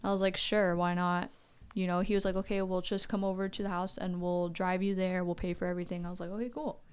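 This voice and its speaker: A woman in her twenties, a podcast guest talking casually, chatty and quick to laugh, with lots of "like" fillers. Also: on the low side, little pitch movement, smooth. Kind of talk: casual interview talk.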